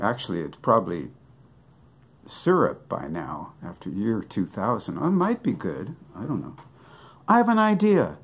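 An older man doing a joking comic monologue, asking rhetorical questions and answering them himself in a wry way. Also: fairly low pitch. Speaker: comic songwriter.

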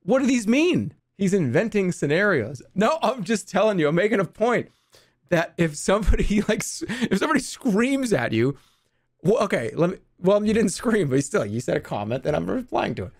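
A male livestreamer talks casually with viewers in a joking, mock-outraged way. His pitch swings widely from low grumbles to high exclamations, and he often breaks into laughter. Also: very animated, normal speed.

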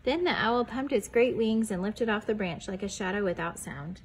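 A young woman reading a picture book aloud to preschoolers in a gentle storytelling voice, stopping to ask the children questions and dropping to a whisper on the quiet lines. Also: mid-range voice, normal speed, slight background noise, rough recording.

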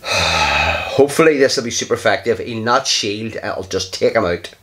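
A man's voice: lowish voice, animated, normal speed, a bit bright. A man commenting casually on his own game play, muttering in frustration, sighing and swearing under his breath. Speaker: gaming channel host.

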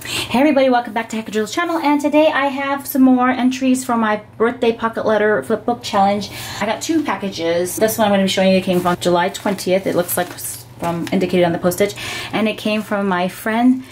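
A woman hosting her crafting channel, chatting casually as she opens packages and gushes with excitement. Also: mid-range voice, a little fast, slight background noise. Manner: gushing, gasping with excitement. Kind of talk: casual unboxing vlog.

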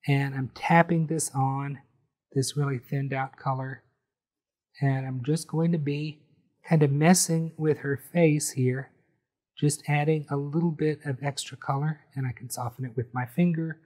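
A man calmly talking through a step-by-step painting tutorial, explaining each brushstroke as he goes. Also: on the high side. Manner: friendly, unhurried, explains each brushstroke as he works. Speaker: painting instructor.

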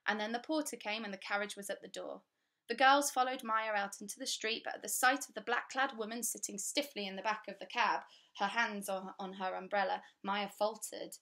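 A woman reading a children's story aloud with clear, steady, expressive storytelling. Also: mid-range voice, fairly quick. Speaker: audiobook reader.

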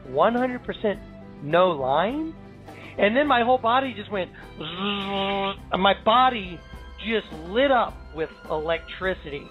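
A man recounting a personal experience as dramatic, halting testimony, full of restarts and pauses. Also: high voice. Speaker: storyteller. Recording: slightly dull recording with faint music.

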